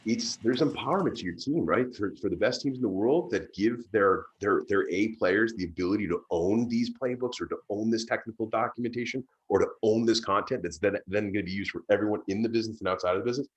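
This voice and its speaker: A man's voice: on the low side, fast talker, hardly any pauses, poor audio. A man speaking as a guest on a business panel, enthusiastic and emphatic, often repeating words as he talks. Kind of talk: conversational panel talk.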